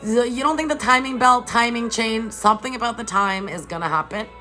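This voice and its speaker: Young woman, bright voice, chatty and loose, swears a lot, soft music behind; casual vlog chat. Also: fairly high pitch, a little fast, poor audio. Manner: chatty and animated, swears often, reads out chat questions. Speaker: vlogger chatting with livestream viewers. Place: hotel room.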